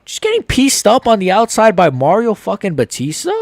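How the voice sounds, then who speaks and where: A young man rants about a fight he is watching live, heated and swearing. His voice sits a little high and swings widely in pitch. The sound is close and dry, with no room echo. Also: wildly swooping pitch, a little fast, gravelly. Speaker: MMA channel host.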